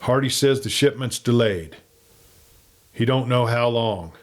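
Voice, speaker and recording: A man's voice: medium pitch, measured pace, close to an everyday voice. A man voicing a cocky outlaw messenger in folksy, ungrammatical frontier talk. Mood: reporting.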